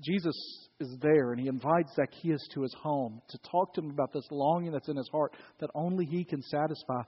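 A man's voice: fairly high pitch, brisk, slightly rough. A male pastor preaching a sermon in a conversational, storytelling way with wry humor. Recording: dull, reverberant church recording.

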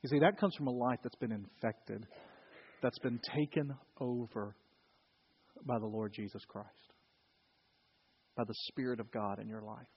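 A middle-aged male pastor with a Southern US accent preaching a sermon in a folksy way, moving between loud storytelling and quiet, solemn preaching. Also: mid-range voice, steady tone, measured pace, pauses often, husky. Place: church sanctuary. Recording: muffled, hall reverb from a church.

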